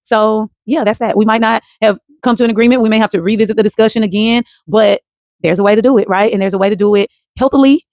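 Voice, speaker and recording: A woman's voice: medium pitch, steady tone, fast talker, a little mellow, no echo, clean studio sound. A woman in her thirties with a Southern American accent, a homeschool mom chatting to her viewers in a reflective vlog and calling them y'all. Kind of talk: casual vlog monologue.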